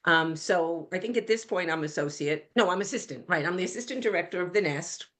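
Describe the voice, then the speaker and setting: An older retired woman, a guest on a chat show, talking over a video call with a warm, laughing, self-correcting manner. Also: fairly low pitch, animated, a little fast. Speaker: guest, nonprofit assistant director. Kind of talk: casual chat.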